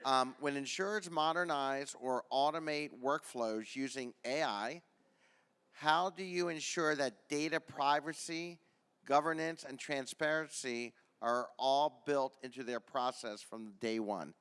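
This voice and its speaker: Man, panel moderator. Brisk, conversational, clear tone. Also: medium pitch, fairly bright tone. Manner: brisk, conversational question framing.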